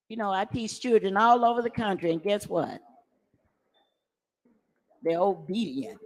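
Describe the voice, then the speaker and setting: An older man leading a young crowd in call-and-response, alternating loud chants with hushed instructions. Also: high-pitched, a little slow, pauses often. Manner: commanding, shouts chants then hushes the crowd. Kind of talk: call-and-response rally speech. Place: large church hall. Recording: echoey church hall with crowd.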